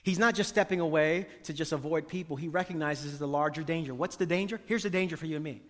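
A man preaching with an emphatic, repetitive cadence, stacking phrase on phrase and calling out to the people in front of him. His voice sits notably high for a man. A long reverb trails each line, as in a large church sanctuary. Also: quick pace, a bit bright. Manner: emphatic preaching with repeated phrases and call to the congregation. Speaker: pastor. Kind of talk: sermon.

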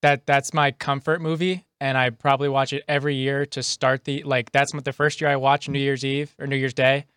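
A young man chatting casually as a guest, answering in a hesitant, relaxed way. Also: mid-range voice, moderate pace, hardly any pauses, clear, resonant tone, no echo, studio quality. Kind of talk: casual chat.

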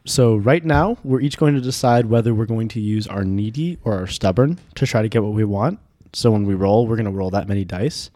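A man running a tabletop game, reading the rules out in a measured way. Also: on the low side, mellow, dry recording. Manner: measured, reads rules aloud. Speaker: game master.

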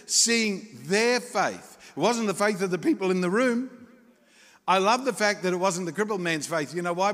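Animated pastor in a reverberant hall. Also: male voice, sits high. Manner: animated storytelling, acting out voices, chuckling asides. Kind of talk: sermon. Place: church hall.

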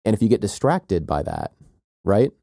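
Deep, dark-voiced man musing aloud. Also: huge pitch swings, normal speed, creaky, no room sound, studio quality. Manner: discursive, playful asides, frequent "right?" and "like". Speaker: podcast co-host. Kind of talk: academic conversation.

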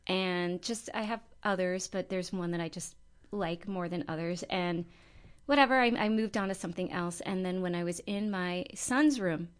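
A middle-aged woman co-hosting a podcast, telling a story in a chatty, relaxed way with many fillers. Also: fairly low pitch, moderate pace. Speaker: podcast co-host. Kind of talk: casual chat and storytelling.

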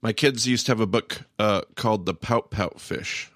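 A man's voice: fairly low pitch, moderate pace, fairly bright tone, no room sound, clean studio sound. A middle-aged man hosting a podcast, talking in a rambling casual way with many restarts and quoted asides. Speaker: podcast host. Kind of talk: casual podcast review chat. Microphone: remote call microphone.

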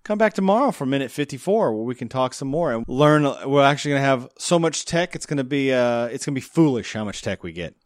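A man hosts a casual podcast, keeping things jokey and laughing often. His voice sits at an average pitch and is recorded dry and close. He talks loosely, with plenty of restarts. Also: lively intonation, fast talker, hardly any pauses, no room sound. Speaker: podcast host.

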